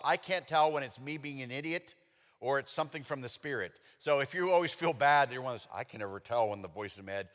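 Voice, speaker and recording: A middle-aged man delivers a sermon like he is telling a story to friends, bursting into loud, animated moments now and then. His tone is bright and forceful. The sound carries the long reverb of a church sanctuary. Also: mid-range voice. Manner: conversational storytelling with animated outbursts. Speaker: pastor.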